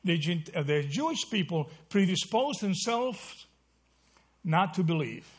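Husky-voiced man teaching scripture. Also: high-pitched, lively intonation, measured pace. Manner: conversational, checks in with "okay?" and "right?"; self-correcting, restarts mid-phrase. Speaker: Bible teacher. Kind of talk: sermon Bible study.

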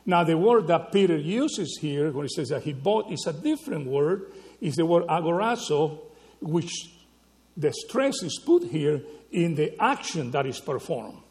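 A man preaching a sermon, teaching slowly and emphatically, often checking in with the listeners with a quick question. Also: fairly high pitch, sing-song, darkish tone, long reverb tail. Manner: slow, emphatic teaching with frequent rhetorical "right?" checks.

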